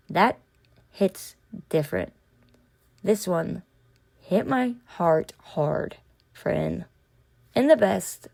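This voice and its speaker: Slow, gravelly-voiced woman podcaster. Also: fairly low pitch, darkish tone. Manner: earnest, heartfelt, addresses listeners as friends. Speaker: podcast host. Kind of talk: reflective solo podcast monologue.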